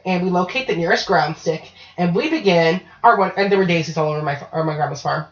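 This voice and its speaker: A podcast host with a fairly low voice tells a story quickly in casual chat, swearing freely and frequently asking "right?" The recording is dull, lo-fi online call audio.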